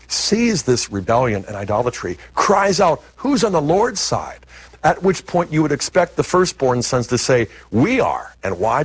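Animated husky man explaining scripture. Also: medium pitch. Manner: animated, emphatic teaching delivery. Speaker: biblical scholar guest. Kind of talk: explanatory interview talk.

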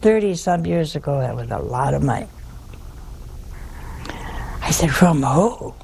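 An older nun spins a homespun, humorous story, taking her time and chuckling at her own tale. Her voice is gravelly and she speaks slowly, drawing each phrase out. A faint room ambience sits underneath. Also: low voice, lively intonation, a little mellow, slight background noise, rough recording. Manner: folksy, chuckling, drawn-out telling with pauses. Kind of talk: humorous personal storytelling talk.

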